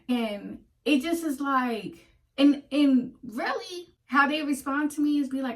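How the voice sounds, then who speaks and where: A woman's voice: sits high, measured pace. Blunt, fired-up woman venting to camera. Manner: blunt, profane, heated ranting. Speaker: vlogger. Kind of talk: casual monologue to viewers. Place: home in Atlanta. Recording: voice a bit far from the mic.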